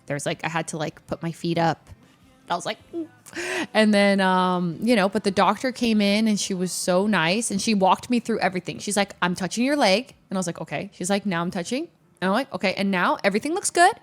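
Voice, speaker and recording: A young woman streamer recounts a story in relaxed chat. She is animated, quoting people as she goes and jumping up into squeaky highs. Her pitch sits at an ordinary middle for a woman. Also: fairly quick, soft background music. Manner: animated, acts out quotes with sudden squeaky highs.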